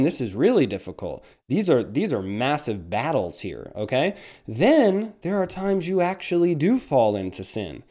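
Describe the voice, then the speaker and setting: Earnest male preacher, lively pitch. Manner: earnest, emphatic, with frequent restarts. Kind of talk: sermon.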